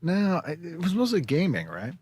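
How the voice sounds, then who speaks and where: A man who is a comedian and podcast guest, trading dry deadpan quips in casual chat. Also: a little high, moderate pace, husky, dry recording.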